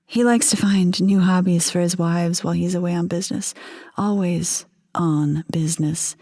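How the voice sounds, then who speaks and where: A woman narrating a first-person story in a quiet, measured, intimate way. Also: on the low side.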